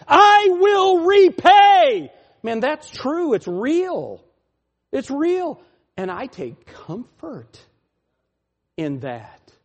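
Husky-voiced pastor preaching loud and lively. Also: male voice. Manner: mocking, swings from loud laughing shouts to low muttering. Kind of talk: sermon.

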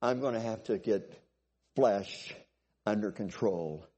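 An older man preaching a sermon to a congregation, swinging from loud exhortation to quiet, musing asides and asking for amens. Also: on the low side, takes it slowly, husky.

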